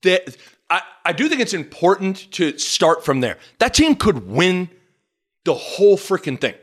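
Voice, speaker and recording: A man hosting a sports podcast, talking in an animated, rambling way and often cutting himself off. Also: high-pitched, a little slow, husky. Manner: animated, rambling, self-interrupting. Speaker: podcast host. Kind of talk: casual sports talk.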